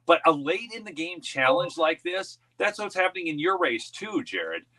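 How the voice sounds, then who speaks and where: Male political show host with a bright, forceful voice, folksy and casual. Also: on the high side, big pitch swings, normal speed. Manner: folksy, addresses listeners as folks. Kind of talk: casual political talk with sponsor plugs.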